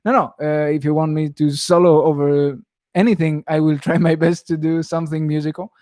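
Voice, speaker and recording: A young man talks loosely through a live Q&A about guitar, wandering off mid-sentence and chuckling as he goes. His voice sits a little high for a man, and the sound is close and dry with no room around it. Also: level tone, a little fast, darkish tone, no room sound. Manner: rambling, self-interrupting, chuckles often. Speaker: guitar teacher. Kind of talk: casual live stream Q&A.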